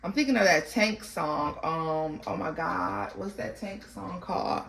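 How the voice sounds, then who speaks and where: A woman giving a casual tarot reading to her viewers, animated and slangy. She breaks into bits of song and laughs often. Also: on the low side, a little slow, creaky. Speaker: tarot reader.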